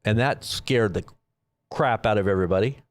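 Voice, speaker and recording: Speaking at a moderate pace in a lowish voice, a live-stream host rambles sarcastically about the news. He keeps restarting his sentences.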